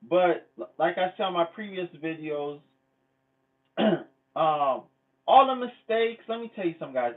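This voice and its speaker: A man rants to his viewers in a raised, high-pitched voice, blunt and swearing freely. He drives his points home by repeating them. The sound is narrow and tinny, like a phone line. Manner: blunt, profane, repetitive. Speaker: channel host. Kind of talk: casual vlog rant.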